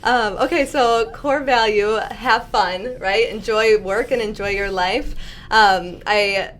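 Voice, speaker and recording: A woman's voice: medium pitch, slow, fairly bright tone. Woman interviewer, encouraging and conversational, light noise in the background. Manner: encouraging, frequent short backchannels. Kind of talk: casual podcast interview.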